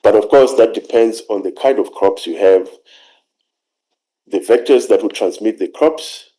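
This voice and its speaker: A man with a fairly low, mellow voice gives an academic conference presentation over a video call. He talks in a measured, halting way, often pausing on fillers as he walks through his points. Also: poor audio. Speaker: conference speaker.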